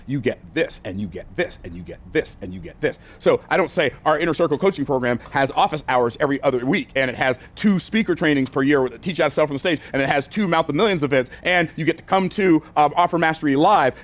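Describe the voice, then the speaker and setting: An older man teaching business sales from a whiteboard, energetic and conversational, repeating phrases for emphasis and using casual words like y'all and ain't. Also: a little high, fast. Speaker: business coach.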